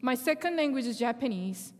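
A young woman with a Korean accent, a native Korean speaker, giving a sermon testimony in animated storytelling that acts out dialogue, with halting phrasing. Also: on the high side. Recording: long hall reverb.

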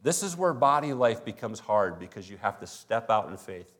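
A man's voice: lowish voice, very animated, normal speed, fairly bright tone. A male pastor preaching a sermon in a conversational way, acting out little everyday dialogues.

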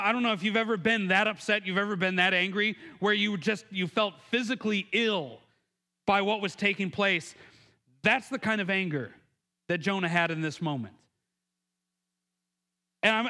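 A man's voice: moderate pace, bright, forceful tone. A man preaching a sermon in an earnest, conversational way, often restarting his words and raising his voice to act out the quotes. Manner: acts out quotes with raised pitch and emphasis. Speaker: pastor.

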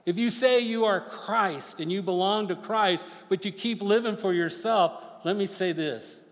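A man preaching a sermon as pastor, swinging from forceful near-shouted appeals to hushed, quick storytelling. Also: sits high. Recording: long reverb of a large hall.

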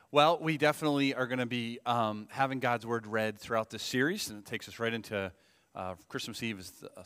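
A man in his forties preaches in a reverberant church hall, his voice bright and forceful. He talks in a chatty, animated way, full of quick restarts and self-deprecating humor. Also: fairly low pitch. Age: 40s. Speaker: pastor. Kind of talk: sermon with humorous stories. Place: church sanctuary.

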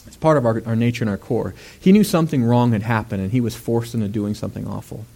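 A male preacher retelling a scripture story in a casual, chatty way, with fillers and quick asides. His voice sits in an ordinary middle pitch. He keeps building up to loud, emphatic stretches. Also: gravelly. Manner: animated, rising to raised emphatic delivery; conversational asides with fillers and laughs. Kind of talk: sermon.

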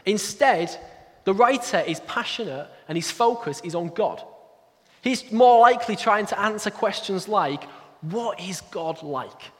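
A man giving a sermon in a conversational, self-deprecating way, with quick asides. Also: high voice, lively intonation. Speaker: pastor. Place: church hall. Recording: echoey church hall.

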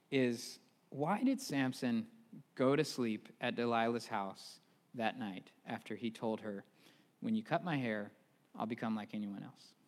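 A male pastor preaching a sermon in a church, retelling a story in casual, animated style with fillers. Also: medium pitch, big-room sound.

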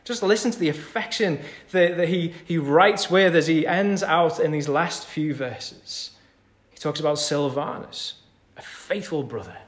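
A man preaching a conversational sermon in a church. He repeats key phrases and swings from hushed to loud. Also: on the high side, unhurried. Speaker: pastor. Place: church hall. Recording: echoey church hall.

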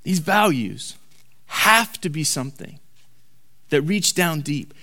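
High, lively, bright-voiced male preacher. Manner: emphatic, repeats key lines slowly for weight. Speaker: pastor. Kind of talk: sermon. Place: church hall before a congregation.

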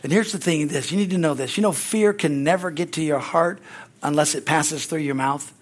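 A man's voice: on the high side, fairly quick. An older man preaching a sermon as pastor, in a folksy, conversational way with frequent chuckles, speaking in a church. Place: church sanctuary.

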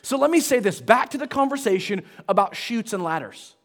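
A pastor in his forties with a high-pitched voice gives a casual, conversational sermon in a church auditorium, expressive and brisk. He makes jokes at his own expense and keeps turning to the congregation with questions and asides.

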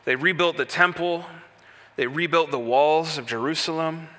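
A man preaching a sermon, telling the story with lively rhetorical questions. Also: fairly high pitch, moderate pace. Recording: echoey hall reverb.

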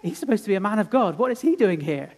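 An incredulous male onlooker , put on by a preacher mid-sermon, fires off one question after another. The voice is raised, quick and fairly high. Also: big pitch swings, exaggerated voice.

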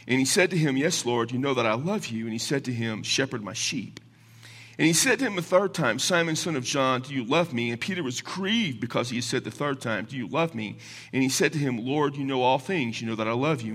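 Middle-aged male preacher, bright and forceful tone, dynamic delivery that drops to hushed whispers. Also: mid-range voice. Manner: expressive, swings from loud emphasis to near whisper. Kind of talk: sermon.

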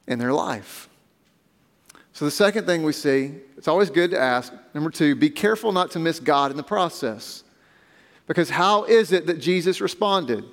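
A man preaching a sermon as a pastor, reading scripture aloud and then explaining it with emphatic pauses. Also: high voice, big-room sound.

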